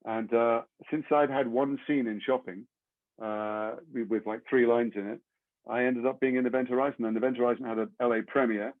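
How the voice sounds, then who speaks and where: Man, quick lively anecdotes, dry phone-like audio. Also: mid-range voice, no echo. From England. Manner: lively raconteur who acts out the other people in his stories. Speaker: actor, interview guest. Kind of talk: casual anecdote storytelling.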